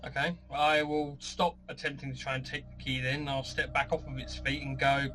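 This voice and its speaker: A man's voice: mid-range voice, level tone, normal speed, few pauses, background noise. A man playing in a tabletop game, chatting casually about his character's actions. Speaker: player.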